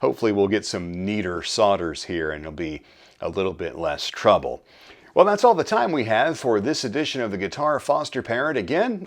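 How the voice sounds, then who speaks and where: A middle-aged man hosting a casual workshop vlog, talking folksy and unhurried about cleaning and oiling a guitar, with friendly asides and fillers. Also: medium pitch. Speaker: channel host restoring guitars.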